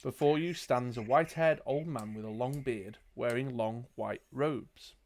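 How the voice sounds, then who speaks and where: A man's voice: mid-range voice, measured pace, darkish tone. A man reading a gamebook aloud as game master, with chatty asides. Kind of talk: narrating a gamebook playthrough.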